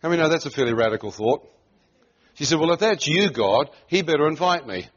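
A man's voice: a little high, a little fast. A middle-aged man from New Zealand preaching, telling a personal story with laughter and acted-out quotes. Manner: animated, laughs often, acts out quoted voices. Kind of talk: sermon storytelling. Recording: muffled lo-fi sound.

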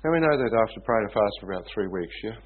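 A man from New preaching, telling stories in an animated way and often asking his listeners if they follow. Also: on the low side, very fast. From New Zealand. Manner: animated storytelling, often asks "you know what I mean?". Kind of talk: sermon storytelling. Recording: tinny phone-like sound.

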